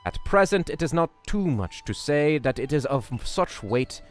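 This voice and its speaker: A man voicing a proud masked nobleman with a put-on vaguely Eastern European accent, speaking formally and slowly. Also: fairly high pitch, very animated, soft background music, voice pushed up. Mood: grave.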